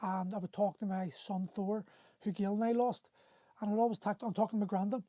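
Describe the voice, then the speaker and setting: A man's voice: high voice, little pitch movement, quick pace, mellow, no room sound. Earnest man in his forties. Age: 40s. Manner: earnest and rambling, with many restarts, answering viewer comments. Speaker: host of a men's coaching livestream. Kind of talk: impassioned motivational talk to live viewers. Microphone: phone or webcam on a livestream.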